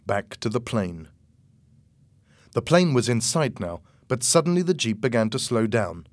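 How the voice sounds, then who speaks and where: A man narrating an audiobook chapter in a slow, measured, clear reading. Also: mid-range voice, sing-song, no echo.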